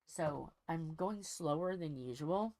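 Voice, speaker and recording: Woman, low gravelly voice, slow unhurried talk, rambling folksy storytelling, casual crafting chat. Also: a little mellow, no echo. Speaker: diamond painting channel host.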